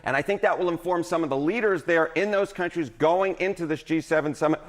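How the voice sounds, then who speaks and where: A man on a news broadcast walking through poll numbers in a brisk, explanatory way. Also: on the high side. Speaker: polling analyst. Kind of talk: news analysis segment.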